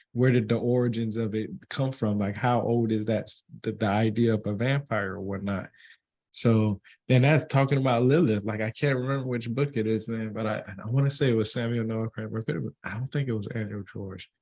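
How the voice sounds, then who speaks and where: A man's voice: mid-range voice, a little mellow, dry recording, lo-fi sound. A man hosting a casual online talk, rambling with many restarts and fillers.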